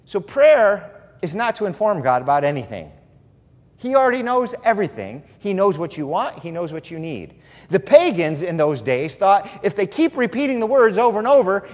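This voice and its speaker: Animated, joking male preacher in a hall. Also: high-pitched, moderate pace. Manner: animated, humorous storytelling preacher. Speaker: pastor. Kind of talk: sermon.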